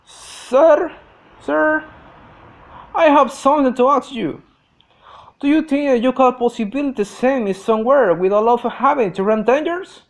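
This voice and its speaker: A man's voice: extremely high pitch, voice pushed up, heavily acted. A man playing an eager young reporter. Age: 20s. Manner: eager, pleading. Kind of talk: audiobook reading.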